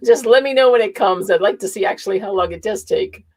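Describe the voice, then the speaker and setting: A woman's voice: mid-range voice, fast talker, darkish tone, rough recording. A woman from Massachusetts with a Boston accent, hosting a casual livestream chat, laughing often and reading viewer comments aloud. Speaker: livestream host.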